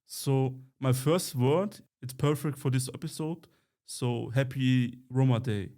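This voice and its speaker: A man whose first language is Romani, co-hosting a podcast in casual chat, pausing often with fillers and restarts. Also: mid-range voice, dark tone. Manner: hesitant, many fillers and restarts. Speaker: podcast co-host, journalist.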